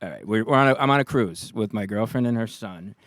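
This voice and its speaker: A middle-aged man with a New York accent, casually telling an animated anecdote and acting out the voices of the people in it. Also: lowish voice, quick pace, no echo. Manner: animated anecdotes, acts out quoted voices, laughs often. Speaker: guest, retired police officer. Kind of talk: casual storytelling.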